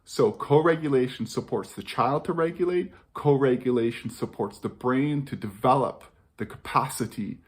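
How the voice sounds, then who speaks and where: Earnest gravelly man on parenting. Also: medium pitch. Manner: earnest, repeats key phrases for emphasis. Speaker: parenting educator. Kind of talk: reflective talk to camera.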